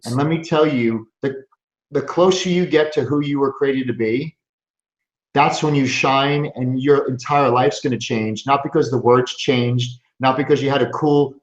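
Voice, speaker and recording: Earnest preachy man, roomy lo-fi sound. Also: medium pitch. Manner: earnest, preachy, restarts phrases. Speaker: chiropractor host. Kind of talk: motivational live show talk.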